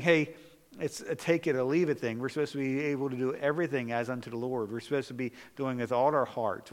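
A male pastor delivers a sermon, leaning on emphatic rises and drawn-out, stressed phrases. His medium-pitched voice carries a long reverb from a large church hall. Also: a bit bright. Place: church sanctuary.

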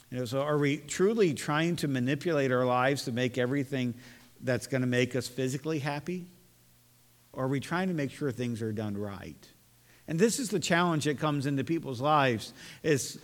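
A man's voice: medium pitch, animated, normal speed. A man preaching a sermon in an earnest, conversational way, often restarting his phrases. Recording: long hall reverb.

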